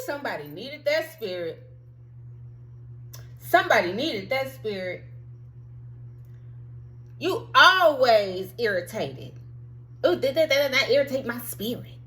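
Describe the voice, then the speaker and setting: Animated woman giving a fiery spiritual talk. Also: a little high, slow pace, pauses often, slight background noise, rough recording. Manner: emphatic, profane, preacher-like. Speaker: spiritual self-help host.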